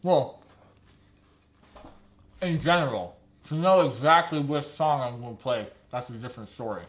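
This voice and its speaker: A man's voice: mid-range voice, moderate pace. A young man chatting casually on a live stream at his computer, rambling and often laughing.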